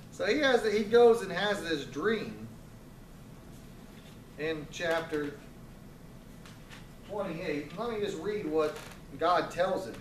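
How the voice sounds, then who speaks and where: A man's voice: fairly high pitch, a little hiss or hum. A man teaching a casual Bible class, telling the story conversationally with joking asides and frequent restarts. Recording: roomy, distant, faint ambience.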